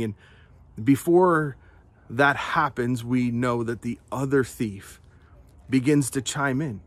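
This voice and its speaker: A male pastor giving an earnest devotional talk, often repeating his words as he goes. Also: medium pitch. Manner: earnest and unhurried, with frequent word repeats.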